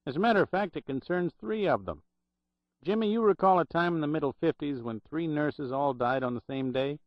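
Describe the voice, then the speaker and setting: A man's voice: fairly high pitch, a little fast, no echo, pitched above the performer's own voice, close to an everyday voice. A man voicing a slangy, jaunty young records clerk in an audiobook, on a dull, dry recording. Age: young adult.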